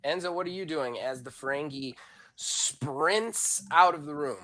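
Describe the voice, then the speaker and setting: A man's voice: on the high side, a little slow, pushed and bright, poor audio. A man narrating as game master in a tabletop role-playing game, loose and chatty with many fillers.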